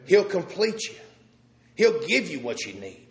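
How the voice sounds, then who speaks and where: Male preacher, high voice, storytelling sermon, heavy hall echo. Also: sing-song. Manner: storytelling with pauses, repeats words, swings loud and soft.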